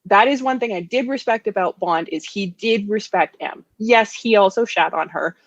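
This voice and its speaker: A woman co-hosting a podcast in quick, playful casual chat. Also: mid-range voice, dry recording, dull audio. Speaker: podcast co-host.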